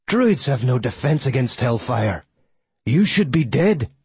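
Man voicing a raging, arrogant old Irish god: raised, louder, harsher and husky. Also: mid-range voice, very animated, measured pace, no echo, full character voice. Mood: shocked. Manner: raging, incredulous shouting. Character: enraged ancient male Irish god, arrogant.

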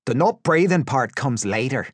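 Guy doing a taunting cruel thug, singsong mockery, kinda husky, dry close mic. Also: medium pitch, animated, moderate pace, dry recording, pitched above the performer's own voice. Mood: mocking cheer. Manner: jaunty, sneering banter. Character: cheerfully cruel male thug, mocking and taunting.

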